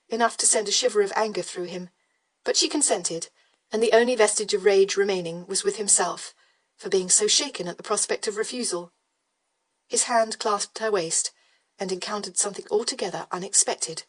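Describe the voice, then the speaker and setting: A woman's voice: mid-range voice, normal speed. Woman reading a romance audiobook. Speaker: audiobook narrator. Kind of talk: scripted narration.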